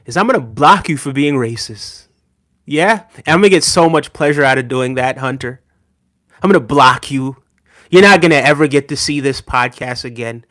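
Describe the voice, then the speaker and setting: A man's voice: mid-range voice, moderate pace, a bit bright. A man hosting a podcast livestream, talking casually and teasingly to his chat, often tagging on "right?" and chuckling. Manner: conversational, teasing, frequent "right?" asides, chuckling. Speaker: podcast host reading live chat.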